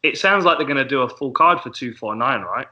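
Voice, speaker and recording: A man's voice: mid-range voice, expressive, a little fast, pushed and bright. A man co-hosting a podcast, chatting easily and laughing along. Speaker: podcast co-host. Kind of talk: casual chat. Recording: dull lo-fi sound.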